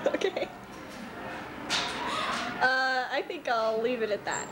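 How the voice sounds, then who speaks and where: A woman's voice: sits high, expressive, slow. A teenage girl filming classmates at school, coaxing and pleading with a giggly, persistent manner as she asks them questions. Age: teens. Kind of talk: home video interviewing. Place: busy school hallway. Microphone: handheld camcorder mic. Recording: noisy crowded camcorder recording. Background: crowd chatter and hallway noise.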